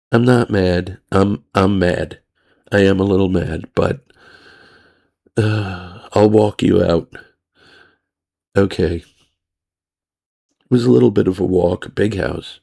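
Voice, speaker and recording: Slow, gravelly man telling a story. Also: low voice, steady tone, mellow. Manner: rambling, blunt, acts out both sides of the story. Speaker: podcast host. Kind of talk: crude storytelling monologue.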